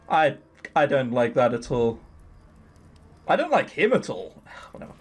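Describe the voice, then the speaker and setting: A man's voice: a little high, animated, a little fast, faint music behind. Joking man playing a game aloud. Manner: joking, sarcastic asides. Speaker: let's play host. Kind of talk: game commentary.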